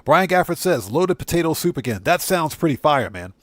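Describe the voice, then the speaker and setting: A man streaming a video game, chatting casually and excitably with his viewers. His voice sits a little high for a man. The sound is dry and close, with no room echo. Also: brisk. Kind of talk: casual live-stream chat. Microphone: streaming setup microphone.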